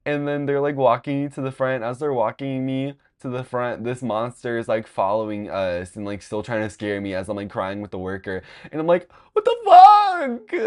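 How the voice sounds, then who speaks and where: A young man from Long Beach, California, spins a loose, meandering personal story as host of his own show. His voice sits on the lower side, and he fills every pause with "like" and drops casual swears along the way. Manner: rambling, heavy on "like" fillers, frequent swearing. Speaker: podcast host.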